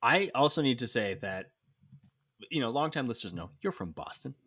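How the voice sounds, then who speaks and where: A man's voice: medium pitch, brisk, breathy edge, no echo, studio quality. A man co-hosting a wrestling podcast in casual chat, talking, laughing and teasing his friend. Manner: chatty, laughing, lively teasing. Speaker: podcast co-host.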